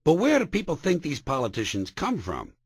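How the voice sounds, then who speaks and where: A male stand-up comedian from the United States with a husky edge to his voice. His delivery is sardonic and profane, and his pitch swoops up and down lively for the punchlines. The sound is dry and close. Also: brisk, no echo. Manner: sardonic, profane, sharp comic timing.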